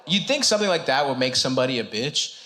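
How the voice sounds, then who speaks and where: A man's voice: mid-range voice, very animated, fast, noisy background. Laughing stand-up comic man on stage. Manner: conversational, breaks into laughter, punches up lines with sudden loud jumps. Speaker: stand-up comedian. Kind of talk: stand-up comedy set. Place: comedy club stage before a live audience.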